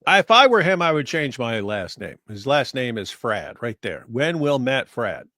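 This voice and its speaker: A man's voice: mid-range voice, big pitch swings, normal speed, sharp tone, no echo, studio quality. A man co-hosting a casual livestream, trading wry, teasing banter. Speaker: livestream co-host.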